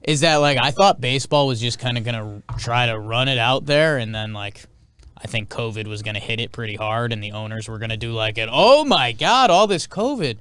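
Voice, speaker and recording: A man's voice: medium pitch, fairly even intonation, fairly quick, a bit bright, clear, resonant tone, no echo. A man co-hosting a casual podcast chat, telling stories in a rambling way with many restarts. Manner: rambling storyteller, lots of "like" and restarts. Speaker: podcast co-host.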